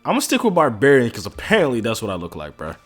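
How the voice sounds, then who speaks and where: Young male streamer, home setup, lively up-and-down voice, slangy and loose, faint music under him. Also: mid-range voice, fast talker, slightly rough. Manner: animated, slangy, talks to chat. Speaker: game streamer. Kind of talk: casual live-stream commentary. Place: indoors at home. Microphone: headphones on, streaming setup.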